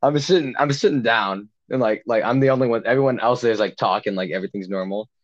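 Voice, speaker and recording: A man's voice: medium pitch, fast talker, dull audio. A young man casually telling a long story on a podcast, rambling with many fillers and restarts. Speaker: podcast co-host.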